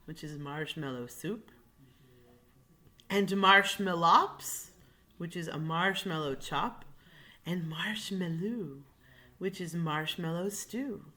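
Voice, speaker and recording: A woman reading a picture book aloud in an animated way, pointing out the pictures to her listeners. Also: on the low side, takes it slowly, long pauses. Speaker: reader.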